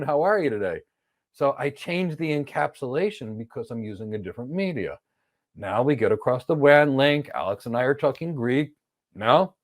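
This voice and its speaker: A male instructor delivering a recorded training lecture, his voice sitting a little high for a man. He tells the material as a story, swinging his pitch widely and acting out little conversations as he goes. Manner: animated storytelling with acted-out dialogue.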